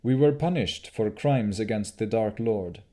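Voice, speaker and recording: A man's voice: lowish voice, measured pace, warm tone, close to an everyday voice. A man reading an audiobook, voicing a grave male elf leader who speaks solemnly and apologetically.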